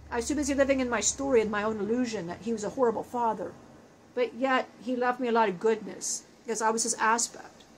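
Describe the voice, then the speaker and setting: A woman channeling a grown male spirit who speaks in an earnest, halting, emotional way. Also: a little high, a little hiss or hum, lightly acted, rough recording. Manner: earnest, halting, emotional storytelling with many restarts.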